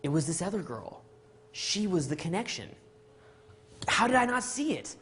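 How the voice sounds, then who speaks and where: Animated man telling a story. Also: sits high, normal speed. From Canada. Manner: acts out dialogue, asks "right?" and "okay?" often.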